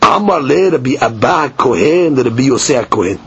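A man teaching a lively Talmud class, acting out both sides of the argument. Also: mid-range voice, a little fast, breathy edge. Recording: dull lo-fi recording.

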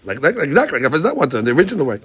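A man's voice: a little high, big pitch swings, rapid-fire, a bit bright, breathy edge. A man teaching a daily Gemara class, asking rhetorical questions and mixing in Hebrew and Aramaic terms. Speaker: Talmud teacher.

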